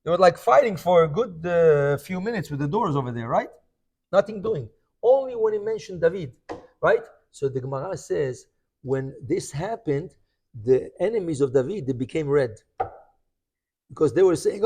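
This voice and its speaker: A man teaching a Talmud lesson as a rabbi, his voice sitting high for a man. He tells the story with animation, slips into the voices of the people he quotes, and keeps checking in with his listeners. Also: expressive, moderate pace, darkish tone. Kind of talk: Talmud class.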